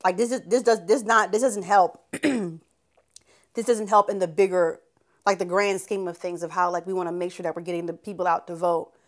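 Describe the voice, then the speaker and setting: A woman's voice: lowish voice, steady tone, fairly quick. Outspoken woman podcast co-host. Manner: outspoken, emphatic opinions. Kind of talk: casual chat.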